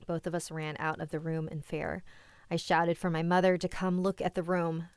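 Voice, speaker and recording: A woman's voice: deep voice, smooth, no room sound. A woman hosting a livestream, reading submitted scary stories aloud and chatting candidly with her viewers between them. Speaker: host and story reader.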